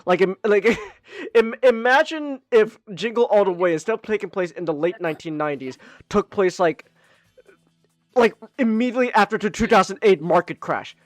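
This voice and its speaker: Sex: man. Role: podcast host. Style: casual chat. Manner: rambling, filler-heavy. Pitch: high for a man. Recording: dry. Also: lively intonation, moderate pace, dry recording, faint music behind. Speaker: podcast host, virtual streamer.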